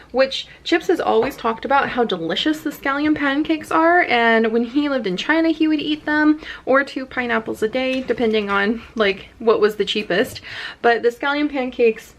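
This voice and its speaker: A woman's voice: on the high side, moderate pace. A woman vlogging in a bubbly, chatty way, gushing over food and pets. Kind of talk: casual vlog chat to camera. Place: outdoors at home, then indoors.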